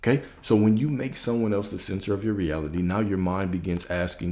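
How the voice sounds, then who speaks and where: A man's voice: deep voice, fairly even intonation, a little fast, hardly any pauses, warm tone. A man coaching his viewers in a motivational talk, emphatic and repetitive, asking rhetorical questions and repeating key lines.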